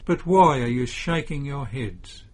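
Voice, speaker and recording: A husky-voiced man voicing a grieving mother who pleads with anguished exclamations beside her dead son. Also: medium pitch, lively intonation, unhurried. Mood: pleading.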